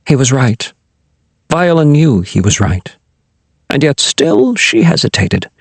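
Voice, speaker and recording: A man's voice: medium pitch, slow, vocal fry, pauses often, slightly rough, no room sound. A man narrating a children's fantasy novel as an audiobook, telling it expressively. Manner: expressive storytelling.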